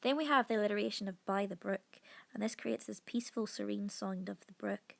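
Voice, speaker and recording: A woman teaching a lesson analysing a poem, explaining step by step with frequent pauses and fillers. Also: mid-range voice, creaky. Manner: explanatory, with frequent ums and restarts. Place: recorded over an iPad whiteboard presentation.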